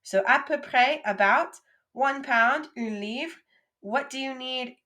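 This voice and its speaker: A woman teaching a recorded French lesson, with a slightly high voice. She speaks patiently, saying each word clearly and then pausing so the listener can repeat it. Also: pushed and bright. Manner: patient, drills words for repetition.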